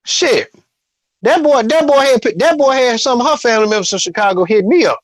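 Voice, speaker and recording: A man's voice: extremely high pitch, brisk, dry recording. A man telling a personal story in casual talk, rambling, restarting, and quoting what others said. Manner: rambling, repeats himself, quotes others.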